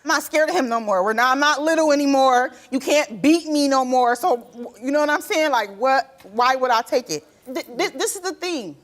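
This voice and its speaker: Talk show guest, thirties woman, slightly high pitch, animated storyteller. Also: normal speed, few pauses. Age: 30s. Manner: animated, acts out quoted voices; colloquial, repeats herself. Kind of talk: emotional testimony.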